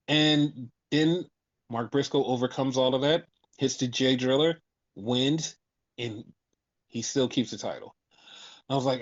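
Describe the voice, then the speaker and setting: Man, podcast host, casual wrestling recap, animated, swears a lot, acts out quotes, muffled lo-fi sound. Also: mid-range voice, moderate pace. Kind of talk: casual chat.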